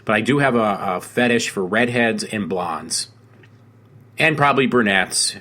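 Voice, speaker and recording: A man's voice: fairly low pitch, expressive, measured pace, bright, forceful tone. A man hosting a casual solo talk show, rambling with many fillers, restarts and self-corrections. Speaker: podcast host.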